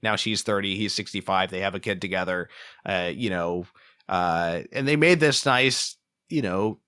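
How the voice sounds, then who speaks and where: A man's voice: deep voice, normal speed, sharp tone, smooth. A man co-hosting a film review podcast in casual chat, rambling with lots of filler words. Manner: rambling, lots of "like" and "you know". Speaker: podcast co-host.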